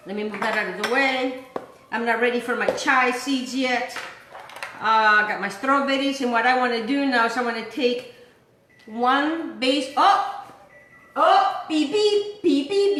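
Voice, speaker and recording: A woman's voice: sits high, measured pace, pushed and bright, echoey room, a little hiss or hum. A woman hosting a home cooking show, chatting to viewers and often checking in with them as she works in her kitchen. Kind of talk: casual cooking demonstration.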